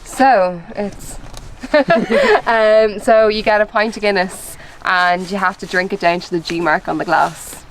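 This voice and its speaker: Young Irish woman, chatty vlog host, clear wind noise behind her. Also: mid-range voice, animated, a little slow. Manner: bubbly, chatty, laughs often. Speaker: travel vlogger. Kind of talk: casual travel vlog narration. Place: outdoors on a windy coast and in a camper van.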